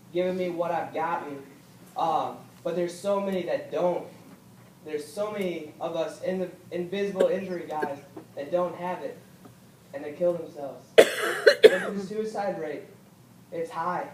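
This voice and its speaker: Young male veteran speaker, fairly high voice, halting and earnest, picked up from across an echoey hall with faint noise. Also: a little mellow, far from the mic. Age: young adult. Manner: halting, earnest, repeats himself, rises when upset. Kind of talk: personal speech at a political event. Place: event hall.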